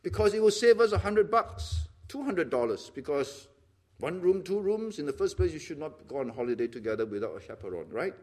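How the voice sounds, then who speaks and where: Animated high-voiced preacher. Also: male voice, a little fast. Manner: animated, acts out little dialogues, laughs often. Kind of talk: sermon.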